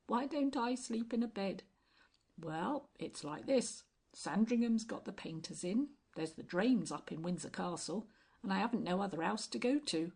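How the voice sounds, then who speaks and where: A woman's voice: medium pitch, lively intonation, normal speed, darkish tone, slightly rough. A woman doing a cheeky tramp. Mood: cheeky banter. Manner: cheeky and slangy. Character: shabby, cheeky lower-class male tramp.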